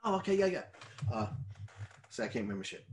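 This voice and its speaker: A middle-aged man telling stories in casual chat, animated and swearing freely. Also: medium pitch, fast talker. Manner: animated storyteller who swears freely and laughs at his own stories. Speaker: podcast co-host and former wrestler.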